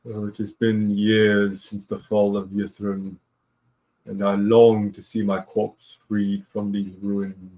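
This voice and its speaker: A man voicing a gaunt, glum male ghost who speaks slowly and mournfully. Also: on the low side, flat delivery, mellow, poor audio. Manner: slow, mournful.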